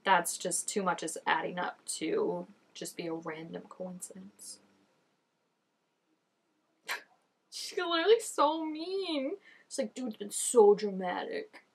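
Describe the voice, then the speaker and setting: A woman's voice: lowish voice, takes it slowly, creaky, long pauses, breathy edge. A woman reacting to a TV episode in casual commentary, exclaiming, gasping and laughing often at the screen. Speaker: TV show reactor.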